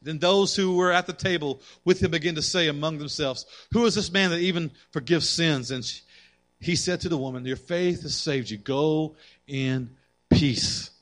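A man preaching a sermon to women, reading scripture aloud and swinging between loud emphasis and quiet asides. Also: a little high, brisk. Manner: addresses the women in the audience directly; reads scripture aloud and comments on it.

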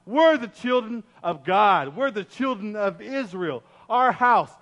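A man's voice: sits high, animated, a little slow, a bit bright, dull audio. A man voicing a brash, defiant young shepherd hero who talks in casual slang, in an echoey hall.

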